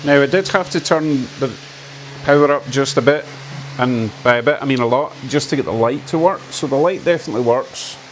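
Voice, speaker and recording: A man's voice: medium pitch, a little fast, a little hiss or hum. A man hosting his model railway channel, giving casual, enthusiastic commentary that pokes fun at himself as he runs a model train around his layout at home. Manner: chatty, enthusiastic, lightly self-mocking.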